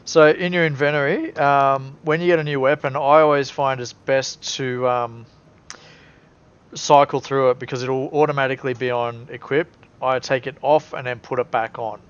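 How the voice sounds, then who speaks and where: A man running a tabletop game, talking casually and explaining the rules for viewers. His voice sits at an ordinary pitch. The recording is dull and lo-fi. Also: fairly even intonation, normal speed, clean tone. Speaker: game master.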